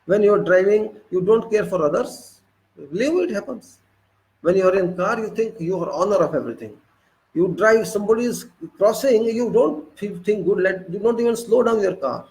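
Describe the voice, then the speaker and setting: A spiritual speaker with a high-pitched, animated, somewhat dark-toned voice delivers a preaching monologue at normal speed. He scolds his listeners through long repeated lists and fires pointed, emphatic rhetorical questions at them. The audio quality is poor.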